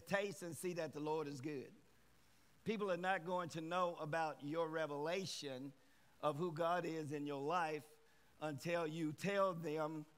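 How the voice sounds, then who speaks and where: A middle-aged man preaching in a church with lively energy. He calls out to the congregation for responses in a fairly high, bright-edged voice. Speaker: guest preacher. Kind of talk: sermon. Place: church sanctuary.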